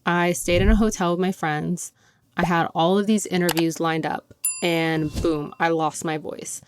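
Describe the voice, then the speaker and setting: A woman's voice: fairly low pitch, fairly even intonation, a little slow, slight background noise. A young woman hosting her podcast in casual chat, talking chattily with lots of "like" and frequent laughs. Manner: chatty, filler-heavy with frequent "like"; laughs often while talking. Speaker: podcast host.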